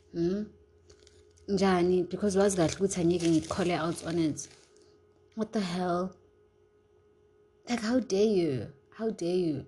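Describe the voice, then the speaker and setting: A woman's voice: low voice, warm tone, a little hiss or hum, rough recording. A young South African woman venting in a casual, heated, profane vlog rant, switching between English and isiZulu. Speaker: vlogger.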